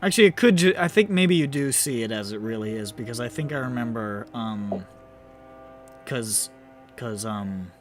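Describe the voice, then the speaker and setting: A man's voice: mid-range voice, normal speed, soft background music. A man joking around and bantering during a casual tabletop game session. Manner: jokey, animated banter. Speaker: player. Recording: faint background hiss.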